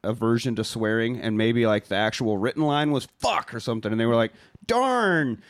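A man's voice: on the low side, steady tone, fast talker, smooth, no echo, clean studio sound. Joking man recapping a movie. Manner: jokey, recaps scenes with put-on quotes. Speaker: podcast co-host. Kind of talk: casual movie recap chat.

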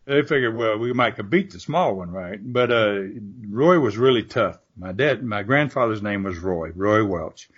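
A man's voice: on the low side, expressive, normal speed, hardly any pauses, slightly rough. An older man, a former wrestler telling rambling stories as a guest, full of fillers and restarts. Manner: rambling anecdotal, frequent fillers and restarts, laughing asides. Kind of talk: storytelling interview. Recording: dull lo-fi audio.

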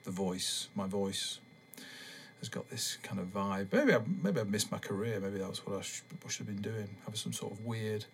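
A man hosting a podcast, rambling in a relaxed, meandering way with many pauses and ums. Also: lowish voice, a little hiss or hum. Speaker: podcast host. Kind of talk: casual rambling monologue.

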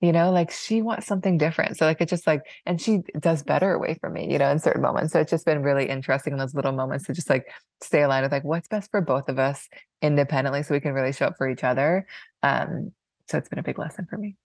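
A woman's voice: low-pitched, fast talker, a little mellow, no room sound. A woman who is a guest on a podcast and a new mother, speaking in an upbeat, reflective casual way. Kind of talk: casual chat.

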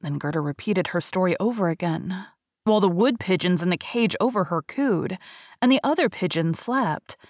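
A woman podcast host reading a fairy tale aloud in a calm, even narration. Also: fairly low pitch, normal speed, dry recording, studio quality. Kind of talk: storybook reading.

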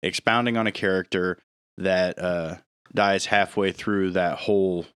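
A man with a very deep voice co-hosts a podcast in casual chat. He talks haltingly, stopping to search for the right words. The recording is dry and close, with no room echo. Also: steady tone, a bit bright, clear, resonant tone. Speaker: podcast co-host.

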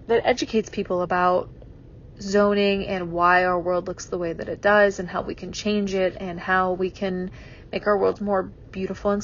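A woman's voice: mid-range voice, dull audio, slight background noise. Rambling reflective woman podcaster. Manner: rambling, reflective, lots of fillers and restarts. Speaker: podcast host. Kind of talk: solo podcast monologue.

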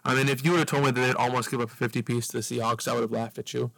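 A man with a gravelly, fairly flat voice talks through casual sports analysis, hedging with frequent ums. The sound is dry and close. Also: medium pitch, dry recording, low-quality recording. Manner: hesitant, lots of ums, measured analysis. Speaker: podcast co-host.

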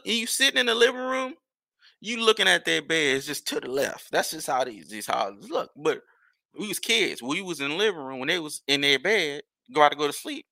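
Gravelly, animated New man. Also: mid-range voice, dry recording, studio quality. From New Orleans. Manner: rambling, animated, profane storytelling. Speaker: podcast host. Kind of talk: casual storytelling.

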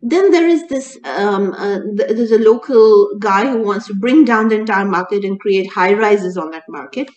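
A woman co-hosting a casual chat, talking in an animated way with many restarts and laughs. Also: medium pitch, normal speed, hardly any pauses, highs cut off. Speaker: co-host reviewing a TV serial.

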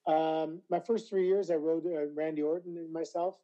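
A man being interviewed about his wrestling career, voice slightly hoarse, telling stories animatedly with stammered restarts. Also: fairly high pitch, steady tone, moderate pace, mellow, dull audio. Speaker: interview guest, former wrestler. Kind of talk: casual interview chat.

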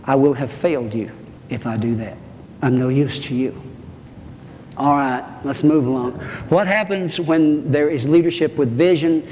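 A male pastor with a mid-range, slightly mellow voice preaches at a moderate pace, with a little hiss or hum in the audio. Folksy and joking, he calls out to his congregation in a church sanctuary. The recording is muffled and reverberant.

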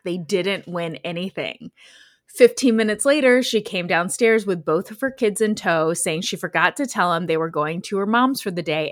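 A woman co-hosting a podcast in casual chat, agreeing readily and telling anecdotes with acted-out reactions. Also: fairly low pitch. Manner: animated storyteller, agreeable, acts out reactions in quotes. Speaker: podcast co-host.

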